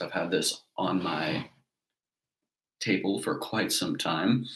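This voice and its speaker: A man hosting a casual livestream, answering viewer questions in a relaxed, rambling way. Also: low voice, slow pace, pauses often, rough recording. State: hiccups. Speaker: livestream host.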